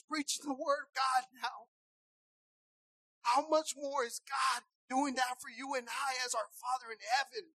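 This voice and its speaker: A woman preacher delivering a passionate sermon, repeating herself and swinging from soft asides to shouts. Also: sits high, steady tone, normal speed, no room sound, rough recording.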